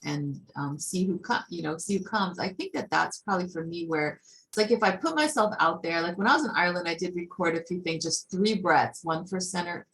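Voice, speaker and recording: A woman on a video call, thinking aloud at an unhurried pace and searching for her words in a group conversation. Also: fairly low pitch, a bit bright, poor audio. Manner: thoughtful, musing, searching for words. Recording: faint background noise.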